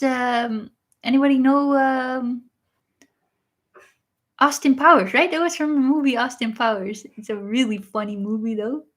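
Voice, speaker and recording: A woman, hosting a casual livestream and answering viewers in a chatty way, often pausing with uh and um. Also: fairly high pitch. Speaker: livestream host reading viewer messages.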